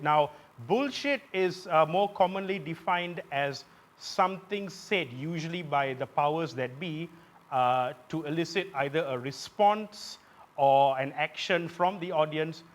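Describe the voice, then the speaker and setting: A man with a Malaysian English accent performing a satirical comedy monologue as host on a live theatre stage, punchy and given to shouting his punchlines. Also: a little high. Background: audience laughter.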